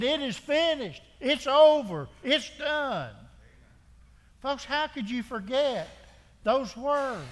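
A man's voice: very high-pitched, a bit bright, long reverb tail. A man preaching a sermon as pastor, driving home his point with repeated rhetorical questions and frequent restarts. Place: church sanctuary.

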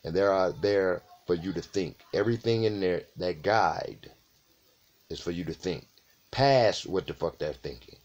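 A man's voice: sits low, a little slow, a little mellow. A man, talking in a rambling, profane monologue, full of rhetorical questions. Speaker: video channel host. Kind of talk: casual monologue to camera.

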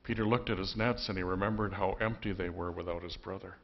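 Upper Midwest pastor, low voice, folksy storyteller. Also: male voice, steady tone, fast, dull audio. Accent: Upper Midwest American. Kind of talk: storytelling sermon. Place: church sanctuary.

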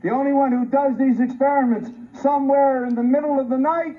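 In a very high-pitched voice with fairly even intonation, a man talks fairly quickly with hardly any pauses. He is a forensic pathologist on a review panel, aiming a combative, sarcastic, emphatic speech at a colleague during a heated public debate. The muffled lo-fi archive recording carries faint hiss.

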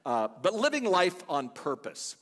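A man's voice: sits high, huge pitch swings, measured pace, fairly bright tone, in a large hall. An older man, a guest pastor, preaching a sermon full of chatty, humorous family stories in a church. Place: church sanctuary.

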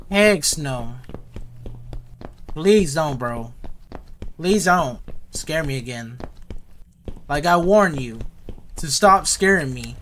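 A man's voice: fairly high pitch, fairly bright tone, a little hiss or hum. A young man giving rambling, slang-heavy running commentary as he plays a horror game. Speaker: gaming youtuber.

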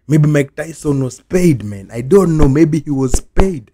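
A man's voice: on the high side, expressive, a little slow, background noise. A man hosting a reaction video, venting in a casual, repetitive rant and chanting the same complaint over and over.

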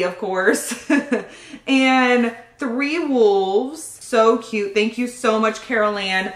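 This channel host is pregnant and unwraps fan-sent baby presents for a laid-back vlog, her voice sitting on the high side with a fairly bright tone. The space is reverberant, and she stays gushy and giggly, frequently breaking into laughter.

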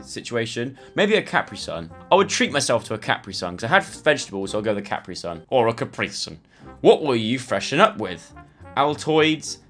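Thinking aloud and chatting casually, a young man works his way through online quizzes for his YouTube channel. His voice is medium in pitch with a fairly bright tone.

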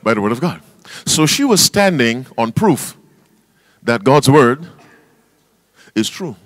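A male pastor preaches a sermon, quizzing his congregation with call-and-response questions and reading scripture aloud in King James wording, spelling out words for emphasis. His mid-range voice has big pitch swings and a slow pace, in a dry recording.

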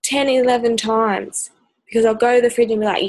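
A woman's voice: on the high side, fairly even intonation, fairly quick, a little mellow, no room sound, poor audio. An Australian woman vlogging straight to camera, earnest and hesitant with many ums, sounding exhausted. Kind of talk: personal talk to camera.

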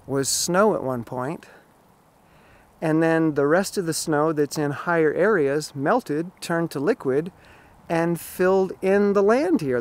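A man giving an emphatic, explanatory vlog monologue outdoors beside a pond while out running. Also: on the high side. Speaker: running vlogger.

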